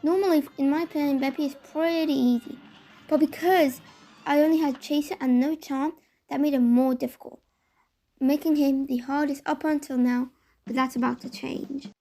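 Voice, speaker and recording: A woman giving a casual, chatty voice-over commentary on her gameplay, excitable and rambling as she talks through each boss fight. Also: high voice, normal speed, faint music behind. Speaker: gaming commentator.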